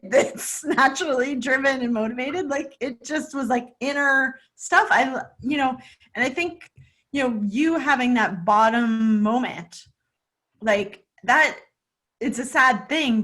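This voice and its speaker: Woman hosting a video call chat, talkative and encouraging, slightly high voice. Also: a bit bright. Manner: chatty, supportive, filler-heavy. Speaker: interview host. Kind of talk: casual conversational interview.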